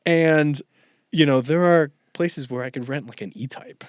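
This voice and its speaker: A man's voice: on the high side, moderate pace, no room sound. A man co-hosting a car podcast in casual chat, rambling and restarting his sentences. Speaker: podcast co-host. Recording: dull lo-fi podcast audio.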